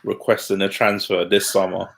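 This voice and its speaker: A man's voice: deep voice, completely flat delivery, normal speed, gravelly. A man co-hosting a casual football podcast, speaking bluntly and laughing at his own points. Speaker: podcast co-host.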